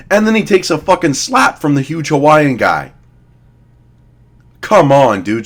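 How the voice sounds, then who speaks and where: A man's voice: fairly high pitch, very animated, a little slow, long pauses, soft background music. A young man giving blunt, profane, rambling casual commentary as he ranks fitness figures. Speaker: fitness vlogger. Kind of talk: casual commentary ranking influencers.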